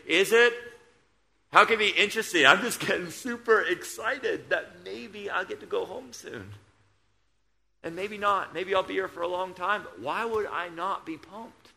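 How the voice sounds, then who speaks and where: A middle-aged man preaching a sermon, moving between loud, excited storytelling and quiet, hushed intensity. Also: high-pitched.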